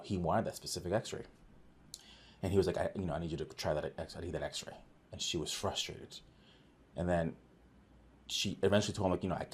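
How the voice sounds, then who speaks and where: Sitting low with a breathy edge, this man's voice carries casual, earnest workplace stories told as a podcast guest. He works as an office manager and acts out quoted lines animatedly, with many restarts.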